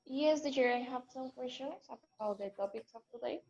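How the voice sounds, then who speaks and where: A female student asking the teacher questions in halting English over a call. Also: high-pitched, creaky, darkish tone. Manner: hesitant, halting learner's English. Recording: dull lo-fi call audio.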